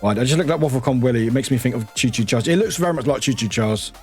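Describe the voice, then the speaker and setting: A man from the UK, streaming and chatting casually, reading chat aloud, lively and swearing freely. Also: mid-range voice, racing, soft background music. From United Kingdom.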